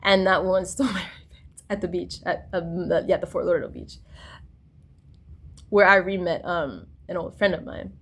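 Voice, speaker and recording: Pausing often, a young vlogger meanders through her stories with frequent fillers and restarts. Her low-leaning voice is a bit bright with a breathy edge, fairly even in intonation, and moderately paced.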